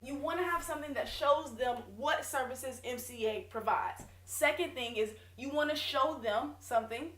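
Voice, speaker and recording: A woman's voice: sits high, normal speed, hardly any pauses, fairly bright tone, slight background noise. A woman business coach giving direct, emphatic advice in a casual video lesson. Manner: direct, emphatic, self-correcting. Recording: echoey room.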